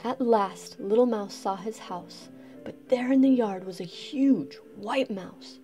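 A woman reading a children's picture book aloud in a gentle, expressive way. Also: on the high side, slow, soft background music. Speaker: storybook reader.

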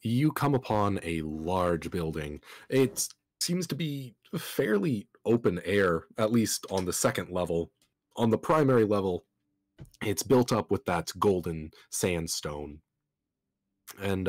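Slow, deep-voiced male game master. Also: no room sound. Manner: leisurely, with many ums and uhs. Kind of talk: narrating a tabletop game.

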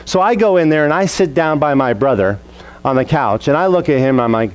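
A man preaching a sermon as a pastor, telling a childhood story and acting out the family scenes in lively voices. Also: a little high, a little fast, clean tone, low-quality recording.

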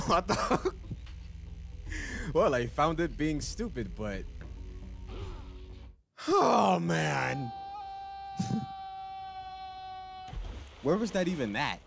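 Male gaming host, let's play commentary, slow delivery, very animated pitch. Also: gravelly, faint music behind. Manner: excitable, talks to himself while playing.

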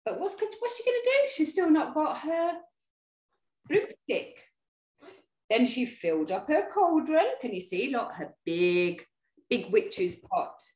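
Brief: animated woman reading to children, slow and very lively, in an echoey room. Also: fairly high pitch. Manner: expressive, talks to young listeners. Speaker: children's storyteller. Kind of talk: animated read-aloud for children.

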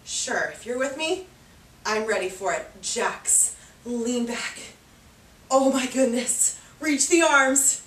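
Breathless, high-voiced woman fitness instructor. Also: animated, slow pace, fairly bright tone, reverberant, recorded from a distance. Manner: upbeat, encouraging, counting reps aloud. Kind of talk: workout class instruction.

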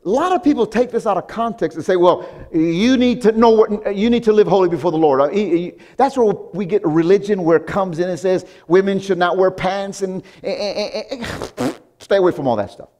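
Male pastor, high voice, emphatic sermon delivery with stammered restarts and call-outs to the church. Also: a little fast, mellow. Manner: emphatic preaching with repeated call-outs to the congregation; frequent stammered restarts and chuckles.

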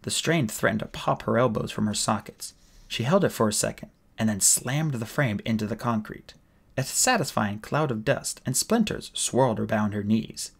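A man reading a novel aloud as an audiobook, with steady, plain storytelling. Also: lowish voice, normal speed, creaky, slightly rough. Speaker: audiobook reader.

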